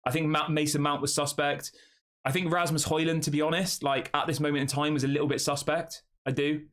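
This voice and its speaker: A man's voice: on the high side, level tone, fairly quick, fairly bright tone. A young man hosting a casual live stream, chatting and reading out viewer comments before answering them. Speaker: fan channel host.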